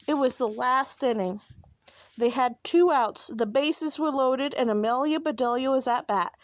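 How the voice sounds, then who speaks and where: A woman reading a children's picture book aloud in an expressive, animated way. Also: high-pitched, normal speed, no echo, clean studio sound. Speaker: storybook reader.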